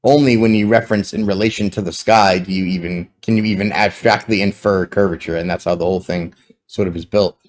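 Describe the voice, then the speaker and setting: A man in a casual podcast discussion, laughing now and then and restarting sentences as he gets animated. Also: low-pitched, fairly quick.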